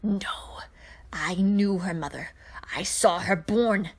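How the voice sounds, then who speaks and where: Woman playing an old witch, cold, scornful, breathy harsh whisper, even middle pitch. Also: slow pace.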